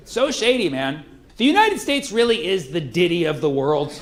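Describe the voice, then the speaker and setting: A man's voice: high voice, sing-song, normal speed, crowd noise. A man performing a stand-up comedy routine in a loose, conversational way with sarcastic asides.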